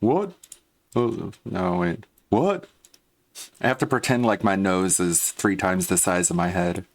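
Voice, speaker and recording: A man doing an impression of a petulant, whiny man with a heavily nasal voice. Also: unhurried. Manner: raised, whining pitch.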